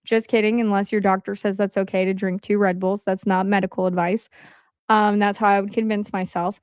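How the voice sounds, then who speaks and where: A woman hosting a casual livestream, rambling along in a chatty way and filling her pauses with "um.". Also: mid-range voice, flat delivery, darkish tone, clear, resonant tone, no echo, clean studio sound. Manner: rambling, with frequent "um" fillers. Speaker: livestream host. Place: at home.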